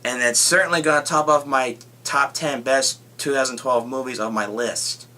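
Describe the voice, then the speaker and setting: Young man, casual movie review vlog, rambling and excitable, frequent swearing, bright forceful voice. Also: medium pitch, normal speed. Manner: rambling, excitable, swears often, retells scenes.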